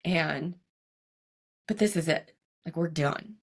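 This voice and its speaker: Woman guest, low gravelly voice, animated storyteller who re-enacts her own dialogue. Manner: frequent "like" and quick asides. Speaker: guest, cancer coach. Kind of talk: casual storytelling interview.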